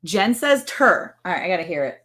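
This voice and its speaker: A woman's voice: on the low side, sing-song, brisk, fairly bright tone. A woman from Maryland co-hosting a casual ranch livestream, talking in a playful, teasing, exclamatory way. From Maryland, USA.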